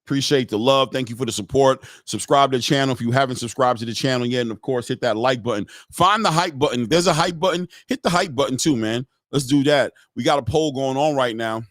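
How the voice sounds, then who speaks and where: A man's voice: mid-range voice, quick pace, hardly any pauses, a bit bright, no room sound, studio quality. A man hosting a live boxing stream, giving casual, slangy fight commentary and talking straight to his viewers.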